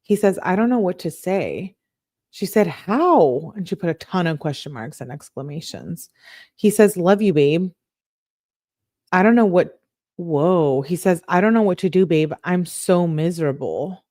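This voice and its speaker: Low-voiced woman reading texts aloud. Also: lively intonation, dark tone, no echo, clean studio sound. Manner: reads quotes then breaks in with quick reactions. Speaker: online true-crime show host. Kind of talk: reading text messages aloud with live commentary.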